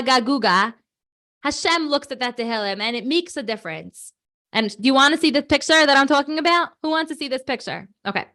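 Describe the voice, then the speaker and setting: A woman in her thirties, hosting a children's prayer program on a video call, chatty and animated with many fillers and asides. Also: high voice. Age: 30s. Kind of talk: lively talk to kids on a video call.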